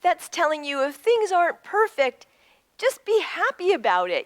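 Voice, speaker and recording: A woman's voice: very high voice, moderate pace, dry recording. A woman reading a picture book aloud to children, stopping to add lessons and asides. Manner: animated, with teaching asides. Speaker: children's story-time reader.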